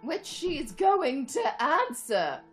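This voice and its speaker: A gruff male brawler who snarls and growls every line, played by a woman reading it aloud. The voice swings widely in pitch and stays loud and aggressive. Faint music sits underneath. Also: very animated, measured pace. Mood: snarling.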